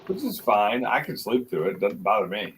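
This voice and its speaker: Brief: male host, lowish voice, easygoing drawl, faint room hum behind. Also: big pitch swings, moderate pace, fairly bright tone, poor audio. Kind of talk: casual live chat.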